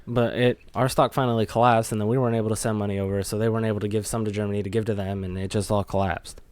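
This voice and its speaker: Low-voiced young man explaining. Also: little pitch movement, racing, darkish tone, clean tone, no echo. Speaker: podcast co-host. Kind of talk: casual chat.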